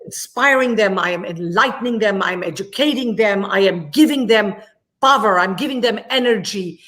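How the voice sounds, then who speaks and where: A woman gives an interview as the guest. She speaks passionately, stresses her points and repeats words to drive them home. Her voice sits at an ordinary middle pitch. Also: moderate pace, a bit bright. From India. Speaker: guest, immigration attorney.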